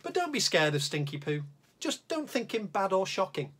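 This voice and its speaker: A man's voice: normal speed, breathy edge. A man hosting a children's drawing show, reading a comic poem aloud in a playful voice, then chatting as he sets up to draw. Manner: lively and playful, swooping pitch.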